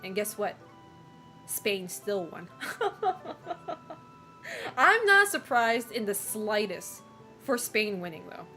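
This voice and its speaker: Soft background music plays under a woman streamer whose medium-pitched voice is slow, pushed and bright, with lively intonation. She chats casually and rambles, swearing freely, greeting viewers, and laughing often.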